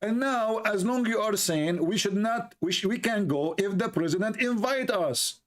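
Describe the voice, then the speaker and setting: A man's voice: high voice, lively intonation, moderate pace. Sarcastic man hammering rhetorical questions. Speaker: livestream host. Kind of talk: mocking commentary on a played clip.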